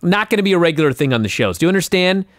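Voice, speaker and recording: Animated high-voiced man ranting. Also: rapid-fire, no echo. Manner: animated, swearing, exasperated ranting. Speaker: podcast co-host. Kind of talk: casual profane chat.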